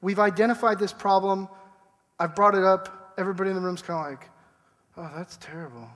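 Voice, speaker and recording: A man's voice: high voice, steady tone, quick pace, fairly bright tone, in a large hall. A man preaching a sermon in a conversational way, acting out quoted people as he goes. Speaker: pastor.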